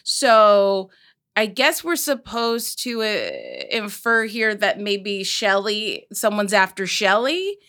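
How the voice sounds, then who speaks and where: Slow, bright-voiced woman musing aloud. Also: medium pitch. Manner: musing, speculative, full of filler words. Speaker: podcast co-host. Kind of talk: casual chat about the story.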